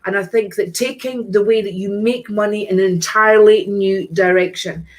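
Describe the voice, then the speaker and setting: A woman reads tarot cards for viewers on a live stream. She talks in a casual, breezy way, full of endearments and exclamations. Her voice sits at an ordinary middle pitch. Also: steady tone, moderate pace. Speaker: psychic tarot reader hosting a live stream.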